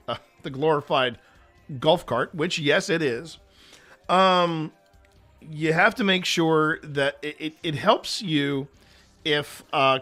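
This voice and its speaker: A man's voice: a little high, bright, forceful tone. A man hosting a casual chat, rambling and joking at himself with many restarts. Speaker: paranormal investigation host.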